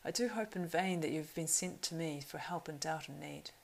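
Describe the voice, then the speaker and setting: A woman voicing a proud young horse-lord, low and gravelly. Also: a little fast, rough recording. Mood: bitter, wary. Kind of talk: audiobook reading.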